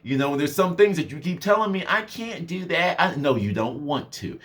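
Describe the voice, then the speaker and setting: Rambling man with a higher voice. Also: sing-song, brisk. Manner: rambling, laughs often, acts out quoted people. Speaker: motivational vlogger and mentor. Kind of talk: casual motivational monologue.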